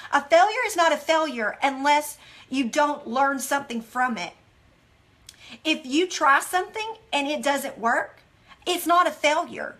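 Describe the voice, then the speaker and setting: A woman's voice: sits high, bright, forceful tone. A woman hosting a motivational devotional talk, speaking with intense, emotional earnestness and addressing her listeners directly. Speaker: host.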